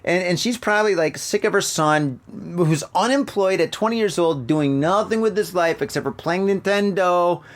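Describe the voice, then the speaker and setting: A man hosting a podcast, reading news stories and riffing on them in an animated, profane, joking way. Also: sits high, moderate pace, hardly any pauses. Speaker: podcast host. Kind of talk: casual news commentary.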